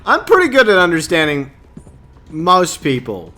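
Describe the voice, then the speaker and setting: His voice is high-pitched, bright and forceful, swooping wildly in pitch at a moderate pace. He's gaming on a home stream in Louisiana, chatting loosely with viewers and frequently fumbling his words in a self-deprecating way.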